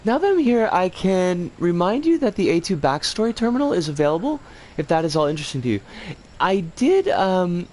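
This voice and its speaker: Very animated and fairly quick, a game streamer chats casually over gameplay, swinging his pitch a lot and warmly greeting viewers by name. There's slight background noise.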